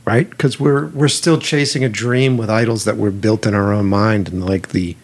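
A man's voice: lowish voice, moderate pace. A man, a film director, telling stories in a casual conversation, swearing often and acting out what people said. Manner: animated, profane, acts out dialogue.

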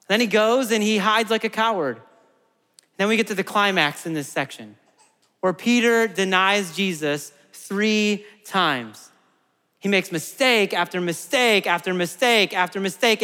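A man's voice: sits high, sharp tone, big-room sound. A man preaching a sermon to his congregation. He talks in a conversational way, often laughing and asking the room questions. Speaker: pastor.

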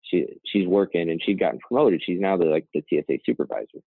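Deep-voiced man telling a story, tinny. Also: expressive, quick pace, husky, no echo. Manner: rambling, frequent "right?" and "you know" asides. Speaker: nonprofit co-founder and CEO, guest. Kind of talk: conversational storytelling interview. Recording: dry, tinny phone-like line.

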